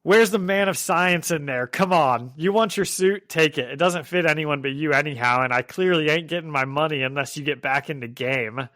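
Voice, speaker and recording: A man's voice: a little high, moderate pace, hardly any pauses, no room sound, clean studio sound. A man voicing a laid-back, seventies-style male inventor who keeps saying "man" in a raised voice. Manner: mellow, says man a lot.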